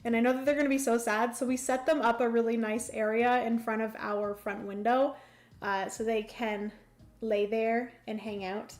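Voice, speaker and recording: A woman hosting a casual board game livestream, chatty and filling pauses with hums and ums. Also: on the high side, fairly even intonation, darkish tone.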